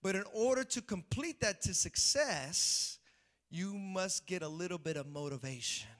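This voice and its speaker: A man's voice: sits high, expressive, moderate pace, a bit bright. A male pastor preaching a sermon to his congregation, repeating key phrases and calling for responses from the pews.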